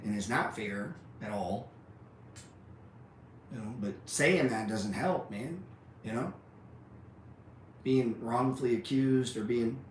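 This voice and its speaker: A blunt, profane man hosts a trading show and gives an unscripted motivational talk, ending sentence after sentence with "man." His voice sits at an ordinary middle pitch. The room is echoey, with a faint hum of ambient noise behind him.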